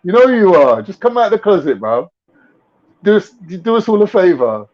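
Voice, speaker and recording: The lo-fi livestream audio captures a young London host whose voice sits high and sounds very animated at a normal speed. He keeps the casual chat going with mocking, slang-heavy banter.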